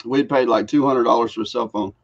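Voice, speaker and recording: A middle-aged man, co-hosting a casual live show and telling stories with lively quoted voices. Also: medium pitch, quick pace, creaky, breathy edge. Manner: animated storyteller acting out quoted voices. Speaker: co-host of a live reseller show. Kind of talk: casual chat. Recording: muffled lo-fi live stream audio.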